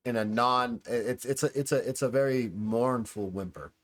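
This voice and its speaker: A man's voice: mid-range voice, normal speed. A man in a tabletop role-playing game, asking questions in a casual way.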